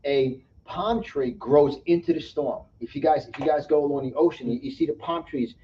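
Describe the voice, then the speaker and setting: A man's voice: fairly high pitch, big pitch swings, moderate pace, warm tone. A man with a New York accent, a guest giving an emphatic, preachy motivational talk and repeating his phrases. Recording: distant dull mic, faint noise.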